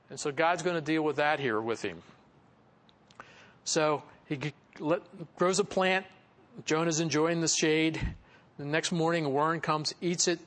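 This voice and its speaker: Man, pastor, sermon, conversational, chuckles, fillers, slightly high voice. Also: a little slow, fairly bright tone. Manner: conversational, chuckling asides, frequent "you know" fillers. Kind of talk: expository sermon.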